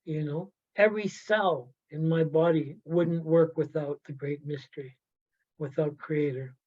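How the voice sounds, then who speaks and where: A man from the Yukon telling personal stories in a halting way, often asking "right?" and adding "you know" as he goes. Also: on the high side, fairly even intonation. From Yukon, Canada. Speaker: workshop storyteller. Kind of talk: personal storytelling talk. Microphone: video call. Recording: slightly dull video-call audio.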